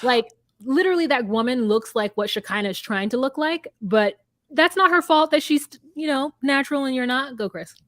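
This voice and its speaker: A woman with a slightly high voice tells a story in an animated way and jumps into quick voices for each person she quotes. The sound is dry and close, with no room around it. It is an easy, chatty podcast recap. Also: no room sound. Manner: animated storyteller acting out both sides of scenes in quick voices. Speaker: podcast co-host recapping a reality show. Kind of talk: casual chat.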